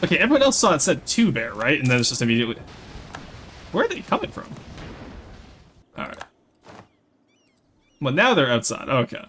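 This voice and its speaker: A man's voice: medium pitch, fast talker, long pauses, slight background noise. A young man from rural Canada, giving live gameplay commentary and chatting with viewers. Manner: lively, chats with viewers while playing. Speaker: streamer.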